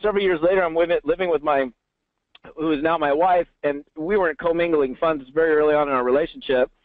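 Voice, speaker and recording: A man telling stories in an animated way during an interview, acting out the voices of people he quotes. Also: a little high, fast, dry recording. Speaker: network marketing trainer, guest. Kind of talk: storytelling interview answer. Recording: tinny phone line.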